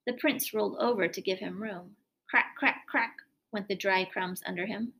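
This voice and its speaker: Expressive woman reading a fairy tale aloud. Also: mid-range voice, normal speed, vocal fry, slightly rough. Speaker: storyteller. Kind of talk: storybook read-aloud.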